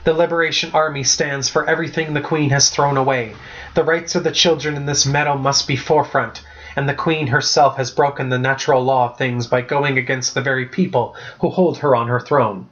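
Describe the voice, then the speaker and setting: A man reading as a sassy rebel girl leader, rude and defiant as she stands up to authority. Her voice sits at an ordinary middle pitch. It comes through a slightly dull, lo-fi recording. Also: fairly even intonation, fairly quick, a bit bright, close to an everyday voice.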